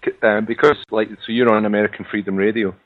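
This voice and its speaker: A Scottish man asks hesitant, roundabout questions over a tinny phone line. His voice is low and husky. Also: level tone, fast talker. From Scotland. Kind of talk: casual radio chat.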